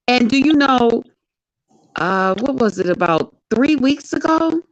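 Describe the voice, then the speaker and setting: A woman guest telling a story with animated expression, her voice leaping high and low. She sits a little above the usual pitch, and her sound is dull and lo-fi but dry. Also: measured pace. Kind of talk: casual chat.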